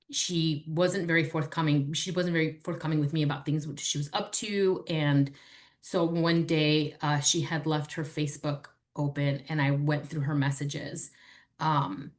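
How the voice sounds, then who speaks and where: A woman in her forties, a podcast guest, candidly and animatedly telling personal stories in casual chat. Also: sits low. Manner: candid, animated storytelling with swearing.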